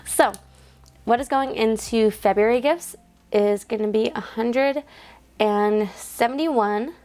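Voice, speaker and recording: A woman's voice: a little high, slow pace, a little mellow. A young woman vlogging casually to her phone camera indoors, chatting with lots of "like" fillers and counting cash aloud.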